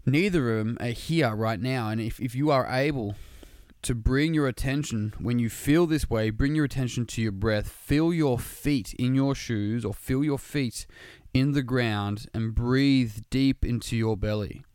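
Man with a smooth, resonant voice; earnest, laid-back talk with some swearing, recorded dry. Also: mid-range voice, unhurried, a little mellow, no echo. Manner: earnest, casual, swears freely. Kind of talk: casual motivational monologue.

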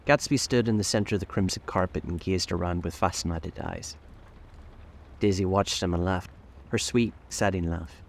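Audiobook narrator: a man with a very deep voice, measured and deliberate. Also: vocal fry, slight background noise. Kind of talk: scripted narration of a classic novel.

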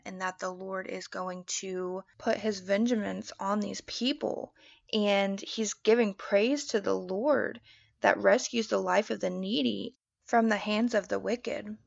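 A woman with a strong, gravelly fry in her voice reads scripture aloud at an even pace, then slips into loose, casual reflection for listeners. The recording is dull and lo-fi. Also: medium pitch. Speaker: Bible study leader. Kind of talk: scripture reading and personal reflection.

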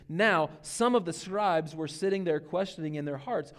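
High-voiced earnest preaching man. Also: moderate pace, few pauses. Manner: earnest preaching, swinging between emphatic and hushed. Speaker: pastor. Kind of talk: sermon on a Bible passage.

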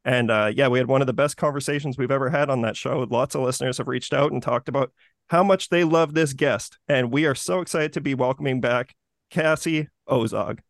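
A man's voice: medium pitch, brisk, no echo, clean studio sound. A man co-hosting a horror movie podcast, chatting casually with many fillers and restarts. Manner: relaxed, rambling, many fillers. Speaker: podcast co-host. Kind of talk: casual chat.

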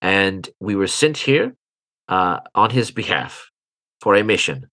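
A man's voice: low voice, sing-song, a little slow, bright, forceful tone, no room sound, exaggerated voice. A man voicing a captured male cultist who gives grudging, evasive answers in a tabletop game.

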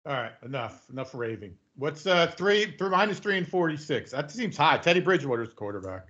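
A fast-talking man with a lively, swinging pitch and a bright edge chats about football. He throws in quick agreements and swears freely. His audio sounds dull and lo-fi. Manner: quick agreeing interjections, animated, profane. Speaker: podcast co-host. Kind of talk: casual sports chat.

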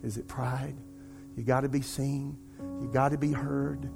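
A middle-aged man, a pastor preaching a sermon and telling a personal story in an animated way. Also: medium pitch, measured pace, gravelly, over music. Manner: animated storytelling, addresses congregation as "y'all".

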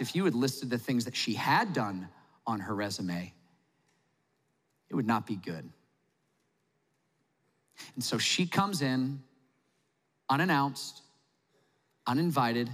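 A man's voice: mid-range voice, a bit bright, slightly rough. A man preaching a sermon, telling the story in a conversational, humorous way. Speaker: pastor. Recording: long hall reverb.

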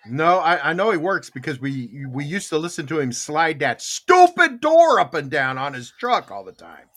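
A man hosting a call-in morning show who rambles and teases, starting sentences over and filling gaps with "uh." His voice sits a little high and swings widely up and down, with a bright, forceful edge. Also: very animated, moderate pace. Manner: rambling, lots of fillers and restarts, teasing. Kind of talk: casual call-in radio chat.

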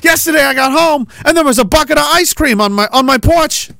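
A man putting on the voice of a frantic, high-strung male politician who pleads and swears in panic. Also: expressive, a little fast, creaky, sharp tone, no echo, exaggerated voice. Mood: panicked whining.

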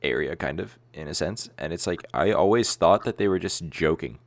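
Very deep gravelly young man. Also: lively intonation, moderate pace, dry recording. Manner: laid-back, laughs often, swears casually. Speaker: podcast host. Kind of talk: casual podcast chat.

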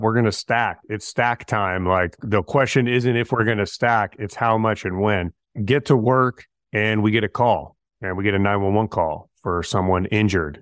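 A middle-aged man, a firefighter guest, telling stories in a relaxed, slangy way and acting out bits of dialogue. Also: fairly low pitch, no echo, clean studio sound. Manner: laid-back, slangy, acts out dialogue. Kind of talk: casual storytelling interview.

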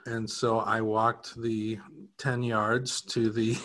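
A man's voice: lowish voice, completely flat delivery, takes it slowly, a bit bright. A man co-hosting an interview, telling a casual story in a self-deprecating way, chuckling and restarting sentences. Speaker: co-host.

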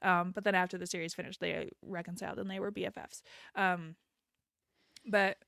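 A woman's voice: lowish voice, moderate pace, creaky, no echo, studio quality. A woman co-hosting a casual podcast chat, telling stories with frequent giggles. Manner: giggly, animated storytelling. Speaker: podcast co-host.

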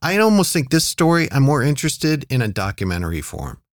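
A man's voice: medium pitch, sing-song, a little fast, no echo, studio quality. A man co-hosting a casual TV review chat, talking in a hesitant, conversational way with frequent restarts. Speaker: podcast co-host.

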